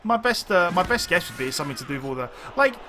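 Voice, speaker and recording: A man's voice: sits high, big pitch swings, fast, sharp tone, a little hiss or hum. A man streaming a video game, chatting casually with viewers and thinking aloud in rambling, restarting sentences. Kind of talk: casual chat while gaming.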